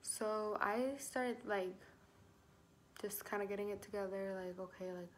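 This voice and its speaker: A woman's voice: mid-range voice, unhurried, slight background noise. A young adult woman telling a personal story in a casual storytime vlog, swearing often, filling with "like" and acting out her own past lines. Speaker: vlogger.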